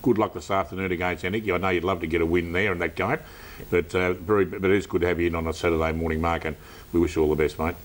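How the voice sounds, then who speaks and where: An Australian man hosting a local football TV panel show, brisk and chatty. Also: deep voice, steady tone. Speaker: host.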